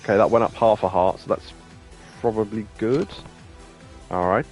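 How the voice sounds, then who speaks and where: Low-voiced man chatting over game music. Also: normal speed, darkish tone. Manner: chatty, jokey, reads game text aloud, laughs often. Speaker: let's-play host. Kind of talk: casual gameplay commentary.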